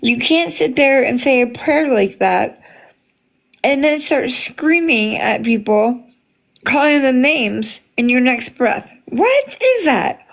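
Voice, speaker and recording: A woman in a casual livestream chat, talking to her viewers at an unhurried, drawn-out pace. Her voice sits a little high and has a gravelly edge. She greets people by name and fills her pauses with ums. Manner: chatty, greets viewers by name, many fillers. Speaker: livestream host reading chat.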